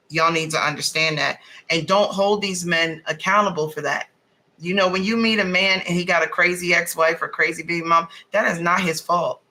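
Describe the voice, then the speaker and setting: Salty woman doing a tarot reading, super bright edgy voice, talks straight, cusses a lot. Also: low-pitched, rough recording. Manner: blunt, salty and animated, swears freely. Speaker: tarot reader. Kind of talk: casual spiritual tarot reading.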